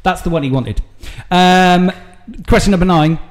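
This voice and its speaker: A man hosting a casual quick-fire interview, playful and teasing, laughing often. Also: high voice. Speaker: podcast host.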